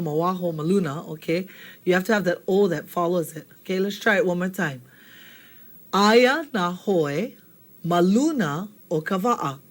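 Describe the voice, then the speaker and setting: A woman gives a classroom language lesson. She speaks very slowly and patiently, repeating each phrase and checking in often. Her pitch sits in a middle range. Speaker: language teacher.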